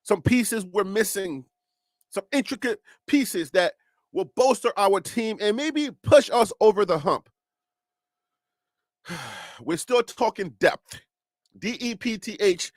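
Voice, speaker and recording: A man with a Liberian accent hosting a casual sports talk livestream, animated, laughing often and speaking straight to his viewers. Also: high-pitched, takes it slowly, long pauses, no room sound. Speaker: host.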